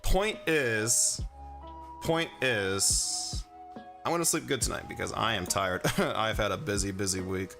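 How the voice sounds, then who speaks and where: Music plays behind a man with a gravelly, fairly low voice who livestreams as he paints miniatures. At a measured pace he chats and rambles, full of fillers and chuckles, reading messages from his chat aloud and responding.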